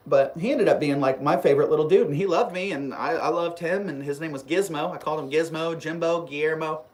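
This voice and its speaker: A live stream host with a medium-pitched voice casually rambles through a long personal story, animated and full of restarts, while reading viewer comments aloud and responding. There is slight background noise.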